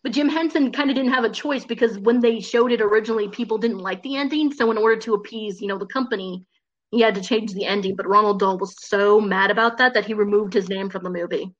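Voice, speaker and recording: On a muffled, lo-fi recording, a woman and her co-host talk about a movie in a relaxed way. She is lively, readily performing quoted lines in high-pitched voices.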